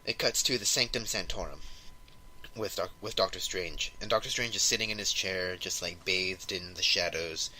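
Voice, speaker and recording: Young guy on a podcast, lowish voice, rambling excited comic recap. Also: moderate pace, a little hiss or hum, rough recording. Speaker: podcast co-host. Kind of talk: casual chat retelling a comic.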